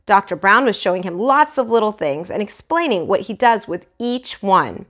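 A woman teacher reads a children's chapter book aloud in expressive storytelling fashion. Her voice is mid-range and her pace moderate.

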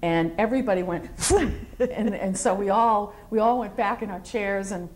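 A middle-aged military veteran speaks at normal speed in a medium-pitched voice, recalling her service in an oral history interview. Her storytelling is animated and meandering, complete with acted-out quotes.

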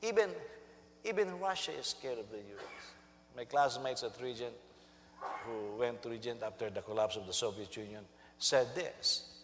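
A male senior pastor preaching a sermon, animated and storytelling, who jumps into high voices to act out quotes. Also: normal speed, long reverb tail, slight background noise.

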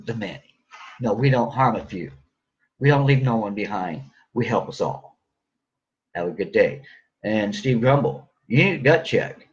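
A middle-aged man in a heated, profane, rambling monologue rant as a vlogger. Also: medium pitch. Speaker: vlogger, injured worker. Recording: dull lo-fi recording.

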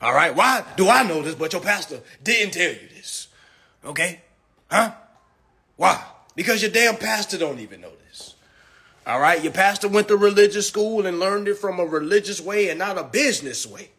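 A man's voice: sits high, animated, moderate pace, bright, forceful tone, slightly rough. A drunk man delivering a preachy, profane ranting monologue, constantly checking in with "all right?". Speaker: consumer finance commentator.

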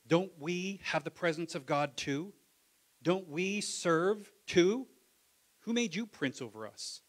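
A male pastor with a fairly high-pitched voice preaches a sermon casually and conversationally. He acts out biblical voices and swings from soft asides to loud calls.

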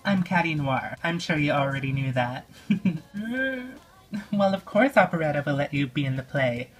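Catty Noir, a confident teenage pop star girl in a doll play, talks in a coaxing, upbeat way as a woman voices her. The voice sits low for a girl. There is little that sets it apart from an everyday speaking voice. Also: a little fast. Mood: encouraging.

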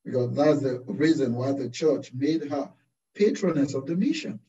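A man, a Carmelite priest, preaching a slow, deliberate sermon full of rhetorical questions. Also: medium pitch, expressive, mellow. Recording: distant, roomy, dull-sounding recording.

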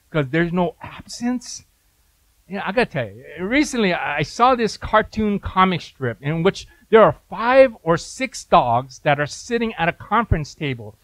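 A male pastor delivers a sermon in an easygoing, conversational manner, often stopping to address his listeners directly. His voice sits a little high for a man. The recording is close and dry, with no room sound. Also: fairly bright tone, dry recording, rough recording. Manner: conversational preaching with frequent "you know" asides.

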